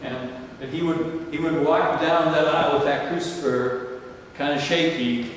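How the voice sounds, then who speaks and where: A man's voice: on the high side, fairly even intonation, slight background noise. Older man preaching in an echoey hall. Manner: slow, emphatic preaching with rising exclamations. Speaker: pastor. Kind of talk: sermon. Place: large church or banquet hall. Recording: distant, echoey hall recording.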